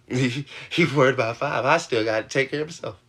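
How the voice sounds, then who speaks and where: A man's voice: medium pitch, a little fast, fairly bright tone. A man venting to his livestream audience, rambling, laughing often and swearing, his voice jumping up when he gets worked up. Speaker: livestream host. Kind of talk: venting monologue to a live audience.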